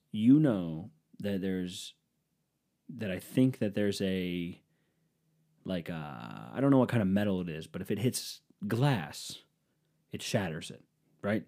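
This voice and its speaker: Man, comedic storytelling, rambling, profane, self-deprecating, low-pitched, warm mellow tone.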